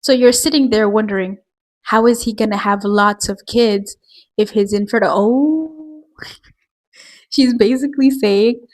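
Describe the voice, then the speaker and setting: A woman hosting a casual commentary vlog, chatty and quick to laugh, with lots of filler words. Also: on the high side. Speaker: video host.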